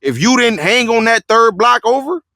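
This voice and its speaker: Bright, high-voiced host. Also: male voice, moderate pace, creaky, no room sound, clean studio sound. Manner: animated and laughing, fills with "you feel what I'm saying". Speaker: interview host. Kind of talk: casual interview chat.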